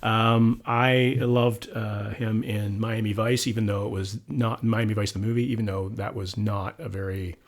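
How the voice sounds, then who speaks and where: A man's voice: lowish voice, level tone, moderate pace, hardly any pauses. Rambling man reviewing films, many fillers. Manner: rambling, full of fillers and restarts. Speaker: podcast co-host. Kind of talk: casual film review chat.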